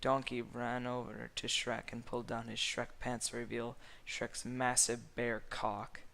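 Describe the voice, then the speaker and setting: A man reads comic fan fiction aloud in a deadpan manner, stumbling now and then. He speaks at an unhurried, slow pace, in a middle-pitched voice. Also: gravelly. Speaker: narrator.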